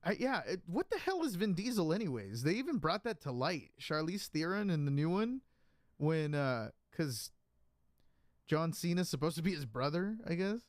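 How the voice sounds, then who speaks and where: A man's voice: on the high side, sing-song, normal speed, no room sound, studio quality. A man co-hosting a casual pop culture podcast, joking and sarcastic, with many fillers. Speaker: podcast co-host.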